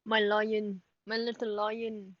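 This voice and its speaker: A woman's voice: mid-range voice, flat delivery, takes it slowly, dry recording. A woman streaming live, chatting to her cat in a giggly, baby-talking way. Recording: dull lo-fi stream audio.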